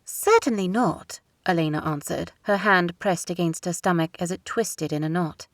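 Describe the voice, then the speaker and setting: A woman narrating a romance audiobook in a steady, measured reading voice. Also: fairly low pitch, no room sound, clean studio sound.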